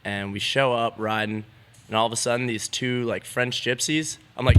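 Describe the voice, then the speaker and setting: A man's voice: medium pitch, steady tone, fairly quick, fairly bright tone. A young man, a BMX rider, telling a story as a podcast guest in a laid-back way, swearing freely and filling with "like". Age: young adult. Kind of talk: casual storytelling.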